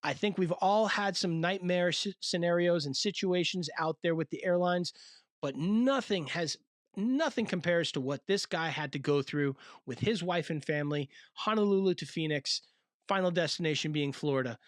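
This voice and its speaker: A man's voice: a little high, moderate pace, no room sound, clean studio sound. Hyped-up chatty male host. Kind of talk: casual commentary.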